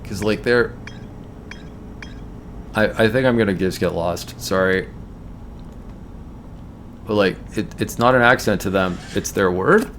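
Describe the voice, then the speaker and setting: A man's voice: lowish voice, a little slow, long pauses, fairly bright tone, slight background noise. A man streaming a game, chatting casually and musing aloud about words as he plays. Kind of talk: casual gameplay commentary.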